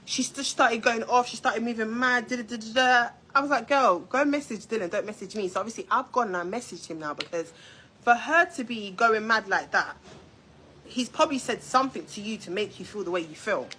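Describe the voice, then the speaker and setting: A young woman telling a story on a live stream, talking straight to her viewers in a confrontational, animated way. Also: on the high side, brisk, slight background noise, rough recording. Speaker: YouTube storyteller. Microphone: phone or webcam on a live stream.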